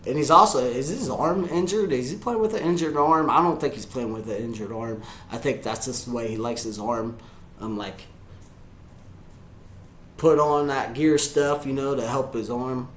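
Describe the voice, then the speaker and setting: A man giving excitable live reaction commentary on a football game, yelling at the players and chuckling often. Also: mid-range voice, moderate pace, long pauses, reverberant. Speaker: sports fan reacting to a game.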